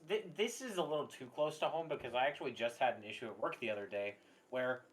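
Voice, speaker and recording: A man's voice: medium pitch, a bit bright. A man co-hosting a casual podcast, earnest and cursing, with lots of "you know" and "uh". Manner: earnest, swears, many fillers. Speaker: podcast co-host. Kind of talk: casual chat.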